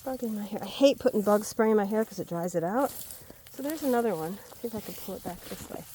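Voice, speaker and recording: A woman's voice: medium pitch, animated, quick pace, dark tone, slight background noise. Chatty woman on a farm walk. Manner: chatty, thinking aloud, calls sharply to her dogs. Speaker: homesteading vlogger. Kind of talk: casual walking vlog. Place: outdoors in a wet rural hay field. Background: dogs and rural outdoor sounds.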